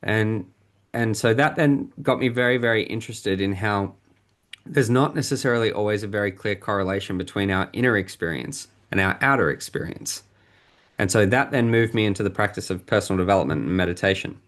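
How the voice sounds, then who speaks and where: Guy on a podcast telling his own story, lowish voice, thoughtful, kinda searching for words. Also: brisk, fairly bright tone. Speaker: podcast guest. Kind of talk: candid personal storytelling.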